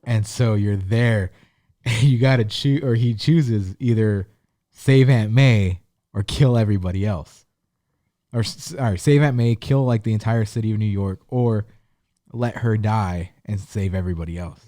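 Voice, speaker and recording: A man with a low, mellow voice, recorded close and dry. He chats casually as a podcast co-host and retells a story earnestly and in detail. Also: unhurried, no echo. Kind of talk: casual chat.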